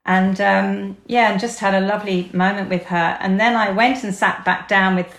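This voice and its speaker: A woman podcast guest telling a personal story in an earnest, conversational way, often pausing on "um". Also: medium pitch, fairly even intonation, fairly bright tone. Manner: earnest, hesitant with frequent ums. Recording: roomy echo.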